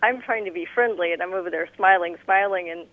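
A woman's voice: lowish voice, quick pace. A woman from the southern United States with a Southern accent, calling in to a radio show. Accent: Southern American. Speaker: caller. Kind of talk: phone-in chat. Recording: phone line.

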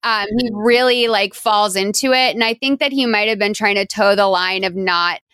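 A woman's voice: medium pitch, normal speed, fairly bright tone, clear, resonant tone, dry recording. A woman hosting a podcast, chatting casually and animatedly, laughing often. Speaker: podcast host. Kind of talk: casual chat.

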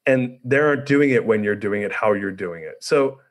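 A man's voice: fairly low pitch, normal speed. A man hosting a podcast, talking in a laid-back, casual way and often saying "dude" and "man". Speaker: podcast host. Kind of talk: casual interview chat.

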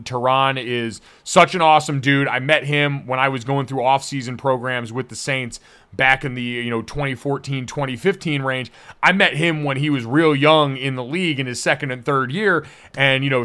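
A man's voice: medium pitch, sharp tone, clean tone. A young man hosting a sports podcast, chatting casually with energy and a joking, loose manner. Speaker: podcast host.

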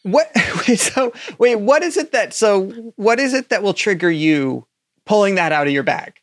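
A co-host who answers with quick reactions and teasing follow-up questions in a casual chat. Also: medium pitch, animated.

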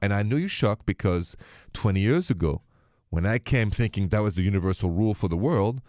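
A middle-aged man with a French accent hosts a dating-advice talk radio show. His voice sits on the low side, and he talks in a playful, confiding, chatty way. The studio sound is close and dry. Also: a little mellow, no echo. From France. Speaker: radio host.

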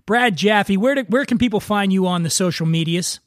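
Chatty high-voiced man hosting a podcast. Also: normal speed, no echo, clean studio sound. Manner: chatty, stammering restarts, laughs at own jokes. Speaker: podcast host. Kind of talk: casual chat, joke telling.

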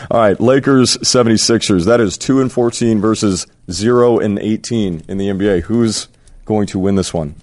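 Low-voiced man hosting a sports podcast. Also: normal speed, a little mellow. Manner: profane, joking. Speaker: podcast host. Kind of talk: casual sports podcast banter.

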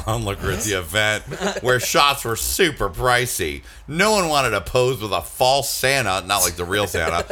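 A man's voice: mid-range voice, bright, forceful tone, a little hiss or hum. A man hosting a casual comedy chat, reading celebrity gossip aloud with sarcastic, mocking asides. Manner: sarcastic, mocking, bursts into silly put-on voices.

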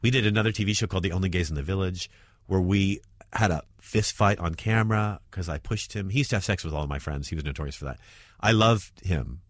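A man, a stand-up comedian, talking provocatively in an interview, swinging between loud jabs and muttered asides. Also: low-pitched, fast talker, dry recording.

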